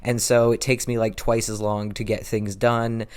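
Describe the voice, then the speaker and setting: A man's voice: lowish voice, little pitch movement, moderate pace, clean tone. A man rambling in a casual home vlog, self-deprecating and repeating himself, a little out of breath, recorded on a camera's built-in mic. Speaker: vlogger. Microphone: built-in camera mic, low angle.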